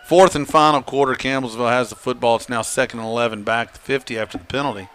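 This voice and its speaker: A man calling a high school football game play-by-play, chatty and joking. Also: steady tone, fast talker, fairly bright tone, clean tone. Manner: chatty, joking, laughs often. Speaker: play-by-play announcer.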